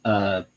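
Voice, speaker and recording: A young man hosting a live online show, chatting casually in a rambling way with frequent restarts and laughs. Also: rough recording. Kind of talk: casual live-stream chat.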